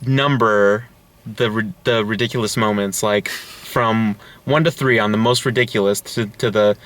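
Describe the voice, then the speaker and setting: A man's voice: fairly low pitch, fairly even intonation, a little slow, a bit bright. A man in casual chat about a movie, sarcastic and swearing. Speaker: co-reviewer.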